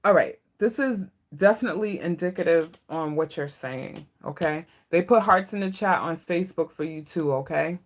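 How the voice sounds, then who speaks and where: A woman doing a live stream tarot reading, speaking to viewers in a gentle, emotional, comforting way that turns tearful at times. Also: on the low side, normal speed, hardly any pauses. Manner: emotional, comforting, talks to chat. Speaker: tarot reader.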